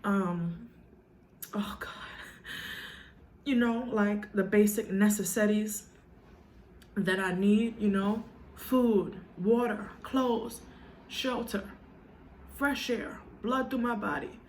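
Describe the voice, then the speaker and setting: A woman's voice: medium pitch, steady tone, slow, slight background noise. A woman vlogger talking to her viewers in a heartfelt, casual way, earnest and emotional, with a lot of "you know", now and then tearful. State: tearful at times.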